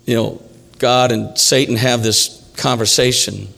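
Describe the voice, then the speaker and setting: A man's voice: mid-range voice, fairly even intonation, measured pace, gravelly, fairly bright tone. A male pastor preaching a sermon in a church, emphatic and repetitive, with jokes along the way. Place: church sanctuary. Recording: reverberant church hall.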